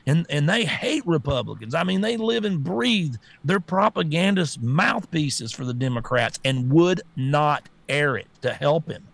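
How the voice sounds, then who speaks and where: A gravelly, slightly high-pitched man co-hosts a political talk show. He stammers through heated rants and mocks others with put-on voices. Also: expressive, a little slow, few pauses, fairly bright tone, no echo. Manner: stammering, rants with mocking impressions. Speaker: co-host.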